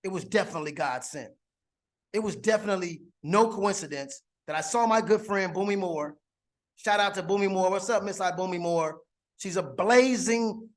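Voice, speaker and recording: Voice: mid-range voice, normal speed. Hyped up promoter talking up a program, says stuff twice, keeps building it up. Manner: excited and repetitive, stacking phrases. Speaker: network marketing promoter. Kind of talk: enthusiastic testimonial monologue. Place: abroad on a trip.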